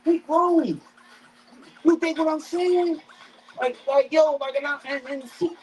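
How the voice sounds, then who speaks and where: A man's voice: very high voice, steady tone, slow, a little hiss or hum, rough recording. A man streaming live craps and rambling in profane, restart-heavy casual chat. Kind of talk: casual chat while gambling.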